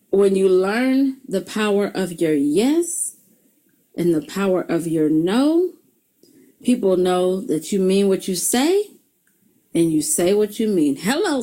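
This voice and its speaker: Animated middle-aged woman giving life advice. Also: medium pitch. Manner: animated storyteller, laughs often, addresses viewers as y'all. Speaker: self-help video host. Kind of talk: motivational talk.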